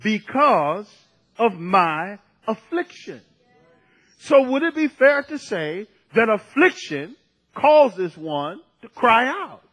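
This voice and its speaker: Man, preacher, sermon, higher-pitched voice, conversational, emphatic, drawn-out phrases. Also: big pitch swings, a bit bright, rough recording.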